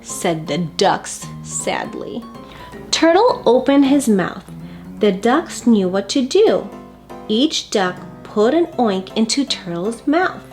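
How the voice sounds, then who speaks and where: A woman reading a children's picture book aloud, slowly and expressively, and talking directly to the young listeners. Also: a little high, faint music behind. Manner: slow, expressive, addresses children. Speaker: storybook reader for children.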